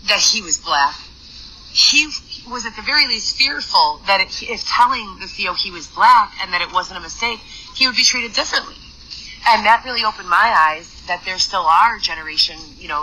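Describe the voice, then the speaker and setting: A woman's voice: lowish voice, bright, forceful tone, a little hiss or hum, rough recording. A woman hosting her own podcast, telling a story in a chatty, rambling way full of fillers and restarts, earnest and emphatic. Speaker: podcast host. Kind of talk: casual storytelling monologue.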